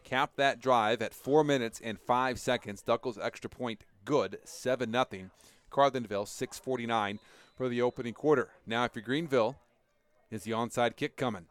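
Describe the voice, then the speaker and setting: Radio play-by-play man, smooth and resonant. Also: medium pitch, normal speed. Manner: rises to excited shouts on big plays. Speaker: play-by-play announcer.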